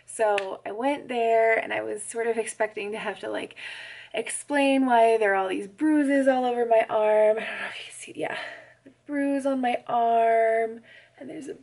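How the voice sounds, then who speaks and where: A young woman telling a story in a casual vlog, chatty and quick to laugh, full of "like" fillers. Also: fairly high pitch, steady tone, gravelly, a little mellow. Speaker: pregnancy vlogger.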